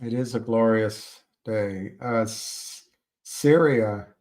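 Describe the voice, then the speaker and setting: Slow and lowish, with a darkish tone, this livestream host reads viewer comments about the stock market. His talk rambles with fillers, restarts, and hesitation, but he grows emphatic and indignant over short sellers.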